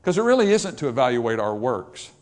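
A man delivers an emphatic sermon, swelling into loud, raised passages and sinking into quiet asides as he reads scripture in archaic language. His voice sits at medium pitch, with a sing-song lilt and a fairly quick pace.

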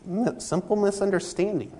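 A man's voice: high-pitched, moderate pace, mellow. A man preaching a sermon in a conversational way, acting out little scenes and voices from everyday church life. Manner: conversational, acts out dialogue in anecdotes.

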